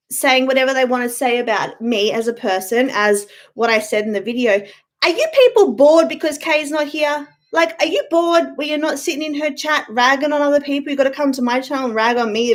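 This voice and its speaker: A young woman with a high voice talks straight into a webcam mic at home during her live stream. Her tone is blunt and irritated, and she swears freely while greeting chat viewers by name. The delivery stays casual and off the cuff. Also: fairly quick. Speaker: YouTube livestream host.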